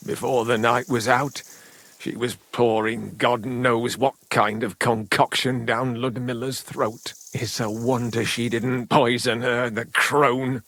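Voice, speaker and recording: An actor voicing a middle-aged village father in a medieval game, slow and brooding, grieving and bitter with angry bursts. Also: mid-range voice, fairly bright tone, no echo. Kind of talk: voiced game dialogue.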